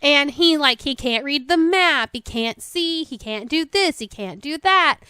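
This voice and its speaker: A woman co-hosting a podcast in animated, casual chat, laughing often. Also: high voice, measured pace, no echo, clean studio sound. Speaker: podcast co-host.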